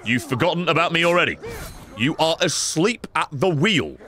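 A man, streaming a video game live, excitable and swearing, yelling at the game. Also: on the high side, moderate pace. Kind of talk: live gameplay streaming chat.

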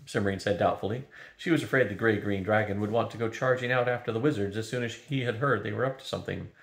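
An older man reading a children's fantasy novel aloud, in a lively storybook manner, in a roomy-sounding recording. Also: lowish voice, fast talker, gravelly. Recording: roomy echo.

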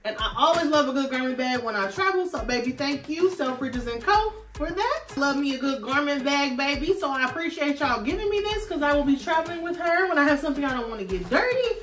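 A woman's voice: high-pitched, fast, hardly any pauses, recorded from a distance. A woman vlogger, chatting sassily and animatedly to her viewers during a fashion try-on haul. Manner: sassy, animated, talks straight to viewers with lots of "okay" and "y'all". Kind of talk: casual try-on haul chat. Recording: echoey room, voice off-mic, faint music.

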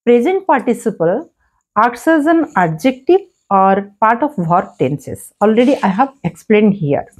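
A woman's voice: a little high, sing-song, unhurried. A woman teaching grammar, patiently repeating examples and asking and answering her own questions. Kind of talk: explaining grammar lesson.

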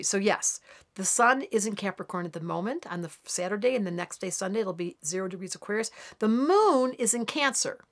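A woman astrologer giving a daily horoscope in a chatty, animated way, acting out voices for the planets now and then. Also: medium pitch. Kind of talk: daily horoscope talk to camera.

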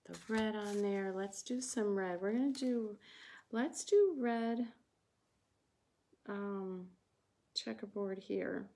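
A woman with a Wisconsin accent hosts a relaxed craft livestream. She talks at an unhurried pace and chats with her viewers while she keeps working. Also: mid-range voice, creaky. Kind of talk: casual livestream craft chat.

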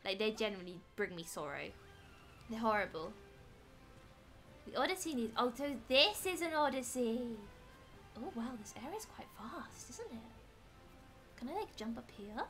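A woman's voice: on the high side, big pitch swings, moderate pace, pauses often, a bit bright. A young British woman chatting playfully while streaming a game, exclaiming as she plays. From Britain. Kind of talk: casual gaming stream chat. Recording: faint background music.

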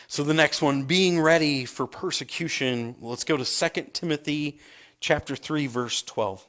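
A man's voice: medium pitch, moderate pace, a bit bright. A man, a pastor preaching a sermon and acting out scripture scenes with big swings in his voice.

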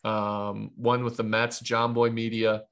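Guy from ohio in his 30s, ex pitcher rambling thru stories, lots of restarts, mid-pitched voice. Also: monotone, takes it slowly, fairly bright tone, clean tone. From Ohio, USA. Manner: rambling, with frequent restarts and asides. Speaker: guest, retired baseball pitcher. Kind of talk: casual interview storytelling.

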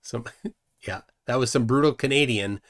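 A man from Minnesota co-hosting a casual livestream aftershow, reading viewer comments aloud with halting restarts. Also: medium pitch, a bit bright. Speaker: show co-host.

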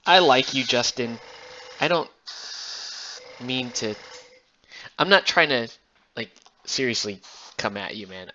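A man's voice: mid-range voice, animated, takes it slowly, pauses often, pushed and bright, muffled recording. A man hosting a miniature painting channel, chatting casually and sarcastically while he paints. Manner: rambling, self-amused, sarcastic.

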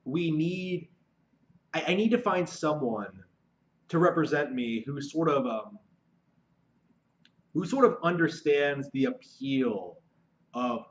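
Halting man with a dull lo-fi sound. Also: fairly high pitch, lively intonation. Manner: halting, many fillers and repeated restarts; frustrated, searching for words. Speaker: aspiring novelist vlogger. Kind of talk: unscripted monologue to camera.

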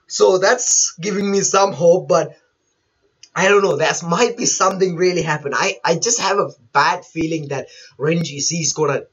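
A man's voice: on the high side, normal speed, fairly bright tone, slightly rough, muffled recording. A man who is not a native English speaker, chatting through a manga chapter live, reading panels aloud and laughing often. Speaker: manga reaction host. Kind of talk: live reaction commentary.

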